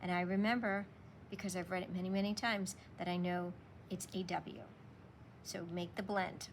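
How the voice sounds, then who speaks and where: A woman's voice: mid-range voice, steady tone, normal speed, slight background noise. A woman teacher walking young children through a spelling lesson, patiently sounding out letters and sounds.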